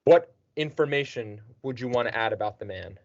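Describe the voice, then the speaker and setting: A male teacher talks a student through the work with patient encouragement, often pausing to check he is following. The recording is dry and a bit muffled. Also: medium pitch, no room sound. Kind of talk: one-on-one tutoring session.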